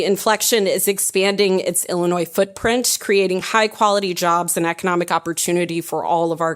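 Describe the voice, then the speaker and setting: A woman, the head of an economic development group, giving an upbeat prepared speech at a press conference and working through lists of thanks. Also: on the low side. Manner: upbeat, reads thank-you lists, laughs at own jokes.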